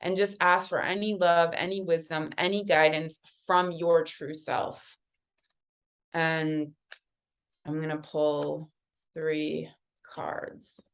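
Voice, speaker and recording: An expressive woman with a slightly low voice tells a story as she turns over oracle cards. She speaks casually, with lots of "like" and "you know", and her tone rises and falls with the tale. The conversation feels loose and personal. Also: takes it slowly. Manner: animated, conversational, many fillers. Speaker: guest artist reading oracle cards. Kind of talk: casual storytelling during a card reading.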